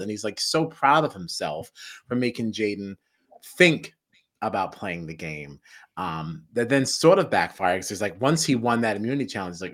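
A man's voice: fairly low pitch, lively intonation, normal speed, fairly bright tone. A man co-hosting a podcast, animatedly recapping a reality show in casual chat, often laughing and acting out what people do. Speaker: podcast co-host.

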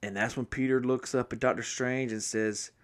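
A man's voice: medium pitch, moderate pace. A man hosting a podcast, recapping a film from memory in a loose, rambling way, restarting and correcting himself as he goes. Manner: speaks from memory, apologetic and excitable. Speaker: podcast host. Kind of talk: casual spoken movie recap.

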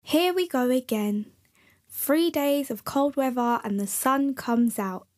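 A woman's voice: sits high, takes it slowly, darkish tone. A woman voicing a grumpy male snowman who moans and complains. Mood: grumbling. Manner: moaning, complaining.

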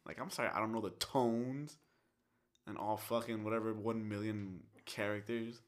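A man's voice: lowish voice, fairly even intonation, moderate pace. A man co-hosting a casual podcast, joking around and swearing freely. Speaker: podcast co-host.

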